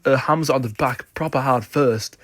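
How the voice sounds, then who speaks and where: A man's voice: mid-range voice, normal speed, dry recording. A man giving opinionated sports commentary, emphatic and insistent as he argues his case.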